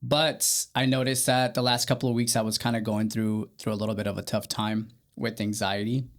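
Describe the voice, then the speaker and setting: Young guy on a faith podcast, raspy-gravelly voice, earnest, lots of "like" and "you know". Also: fairly low pitch, level tone. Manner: earnest, halting, many fillers. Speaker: podcast co-host. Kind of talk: candid faith podcast chat.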